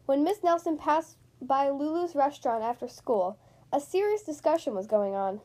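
Animated woman reading a picture book aloud. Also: high voice, normal speed. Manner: animated, expressive storytelling. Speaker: storybook reader.

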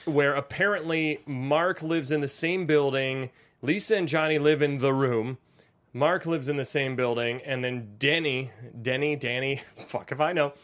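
A man's voice: mid-range voice, unhurried, fairly bright tone. A man co-hosting a casual movie-review podcast, recapping scenes with jokes and swearing. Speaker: podcast co-host.

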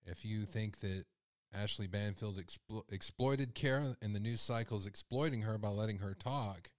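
Hosting a live call-in stream, a man with a voice on the low side talks at normal speed, full of raw emotion that pushes his voice higher when he's upset. It's live-stream commentary with clean studio sound and no echo.

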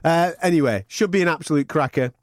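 A man's voice: on the high side, fast, no room sound, clean studio sound. A man, a podcast host and radio commentator, trading teasing, sweary banter. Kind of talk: casual podcast chat.

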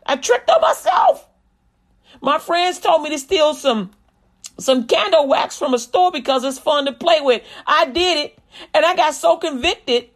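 A middle-aged woman, a comedian, giving a lively testimony-style talk about her faith, acting out dialogue and repeating lines for emphasis. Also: sits high, normal speed. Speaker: comedian and Christian speaker. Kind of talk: testimony-style preaching with comic storytelling.

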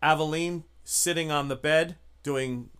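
A man narrating as game master of a tabletop game, relaxed and chatty. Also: fairly high pitch, measured pace, clean tone.

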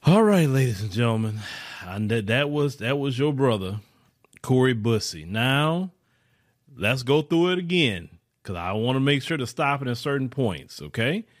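A man's voice: medium pitch, sing-song, normal speed, dry recording, clean studio sound. A man hosting a casual reaction commentary, blunt and incredulous, stopping a clip to argue with it and firing repeated questions.

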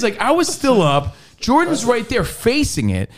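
Animated man telling a story. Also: unhurried. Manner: animated, jumps high when acting out scenes; profane, laughing. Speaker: podcast co-host. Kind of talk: casual storytelling chat.

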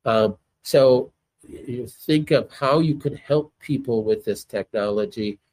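A man who is a doctor, a guest on a call, explaining in a relaxed way with many fillers. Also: medium pitch, slow, no room sound. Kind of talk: explanatory conversation.

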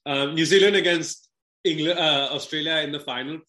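Bright-voiced man in an echoey room. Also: a little high, fairly even intonation, fairly quick. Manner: joking, laughs often, swears in banter. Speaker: podcast co-host. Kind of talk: casual cricket chat.

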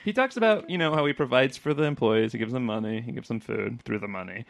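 A man's voice: medium pitch, fairly even intonation, quick pace, vocal fry, no echo. Chatty man co-hosting a podcast. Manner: chatty, laughs often, acts out quotes. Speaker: podcast co-host. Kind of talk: casual chat.

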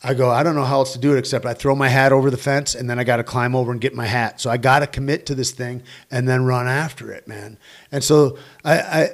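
A man's voice: medium pitch, fairly even intonation, quick pace. A man who works as a stunt performer, telling rambling, profane anecdotes with quoted dialogue in a casual interview.

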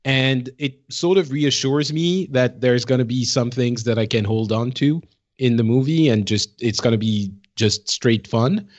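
A man's voice: mid-range voice, measured pace. Man, podcast co-host, thoughtful hesitant chat, muffled lo-fi sound. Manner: thoughtful, hesitant, many restarts. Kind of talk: casual chat.

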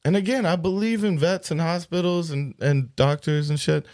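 A man's voice: on the high side, normal speed, darkish tone. A man with a Southern US accent, co-hosting a casual podcast chat, drawling, swearing freely and defending his folksy pronunciation. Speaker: podcast co-host.

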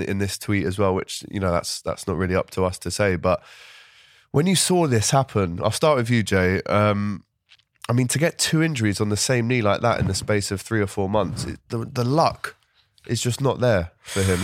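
Man, hoarse, lowish voice, dry close mic, chatty football host. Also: no echo. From London. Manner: chatty, reads out viewer comments. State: hoarse from a cold. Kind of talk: casual football podcast chat.

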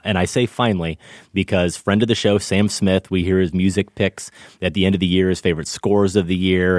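A man with a very deep voice co-hosts a film podcast, candid and easygoing as he talks about movies. The sound is dry and close, with no room around him. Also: no room sound. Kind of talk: film review chat.

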